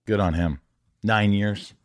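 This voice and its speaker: A man's voice: lowish voice, steady tone, takes it slowly, no echo, studio quality. A man hosting a podcast in casual interview chat, swearing freely and acting out voices when he tells stories. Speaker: podcast host.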